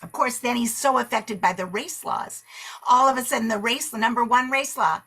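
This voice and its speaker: Bright, breathy woman leading a book talk. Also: fairly high pitch, normal speed, faint music behind. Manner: animated, acts out characters' quoted lines. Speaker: book discussion leader. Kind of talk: book club discussion.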